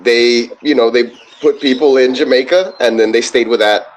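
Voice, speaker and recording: Mid-pitched man chatting with swagger. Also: moderate pace, a little hiss or hum, low-quality recording. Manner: chatty, swearing, explaining things with confidence. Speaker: podcast co-host. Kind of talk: casual banter.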